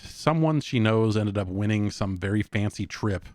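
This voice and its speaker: A man's voice: fairly low pitch, lively intonation, moderate pace, a little mellow, dry recording. A man hosting a podcast, talking casually over a video call, rambling with frequent restarts. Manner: rambling, hesitant, many restarts. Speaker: podcast host. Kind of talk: casual chat.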